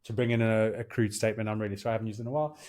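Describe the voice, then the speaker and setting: A man's voice: on the low side, little pitch movement, rapid-fire, darkish tone. A man in his thirties co-hosting a podcast in casual chat, earnest and coaching, acting out quoted lines. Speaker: podcast co-host.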